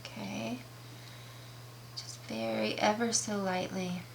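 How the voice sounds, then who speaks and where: A woman's voice: mid-range voice, fairly even intonation, gravelly, slight background noise. A woman demonstrating a craft project in a casual tutorial, chatty and enthusiastic, talking through each step. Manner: chatty, enthusiastic, slow and careful explaining.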